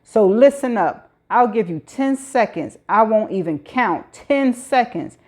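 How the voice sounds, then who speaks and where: A woman's voice: medium pitch, a little slow, natural voice. A woman voicing a desperate male convict who speaks in a crazed, menacing, on-edge way.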